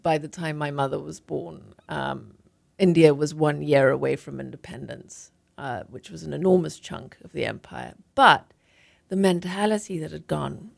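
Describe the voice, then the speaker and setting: A woman's voice: sits low, normal speed, vocal fry. A woman author from Zimbabwe reading her memoir aloud and talking thoughtfully in an interview. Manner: thoughtful, with frequent restarts in conversation. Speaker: author and guest.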